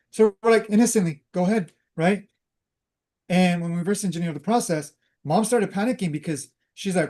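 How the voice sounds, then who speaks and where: A man's voice: high voice, normal speed, a little mellow. A man hosting a talk, casually telling a personal story and drifting into spiritual teaching, with many fillers and restarts. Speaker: host.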